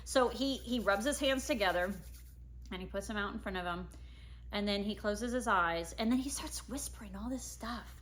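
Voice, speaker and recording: A woman's voice: medium pitch, normal speed, a bit bright, a little hiss or hum. A woman in her thirties casually telling a personal family story, acting out her own past words.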